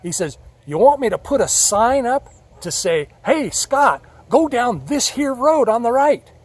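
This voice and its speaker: A man voicing an exasperated Heavenly Father who mockingly scolds him in a loud, incredulous tone. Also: very high voice, big pitch swings, a little slow, voice pushed up, exaggerated voice.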